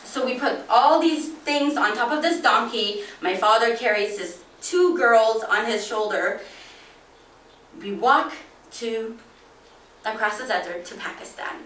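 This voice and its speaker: A woman telling a dramatic first-person story, expressive, acting out each voice. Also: a little high, a little slow, slight background noise. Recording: echoey room, from a distance.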